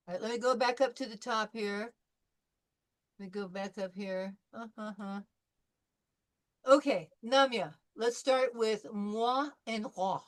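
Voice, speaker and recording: A woman teaching French pronunciation to a class. She calls on students one by one, models each sound slowly and repeats it, and gives patient, encouraging feedback. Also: mid-range voice. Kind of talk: pronunciation drill in a live class.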